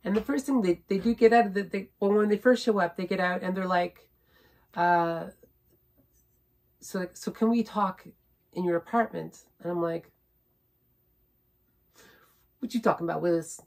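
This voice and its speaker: Her mid-range voice is a bit mellow and runs at normal speed. This vlogger tells a personal tale in a meandering, repetitive fashion, frequently adding "right?" and getting more indignant as she presses her points.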